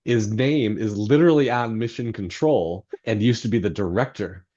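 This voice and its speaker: A man's voice: fairly low pitch, normal speed, dark tone, lo-fi sound. A man, a novelist guest on a podcast, telling a self-deprecating story in a rambling way full of fillers. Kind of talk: anecdotal storytelling in podcast interview.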